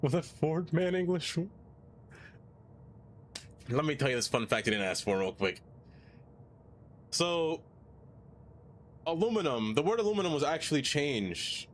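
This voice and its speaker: A man's voice: medium pitch, slight background noise. Chatty male streamer talking while he plays. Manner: chatty, playful, reacts out loud. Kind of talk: casual live-stream chat while playing.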